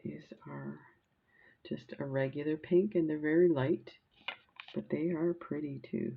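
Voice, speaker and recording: A woman's voice: sits low, steady tone, moderate pace, narrow, tinny audio, noisy background. A woman chatting casually while showing off craft supplies, rambling into a childhood story and gushing over sparkle. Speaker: crafting vlogger.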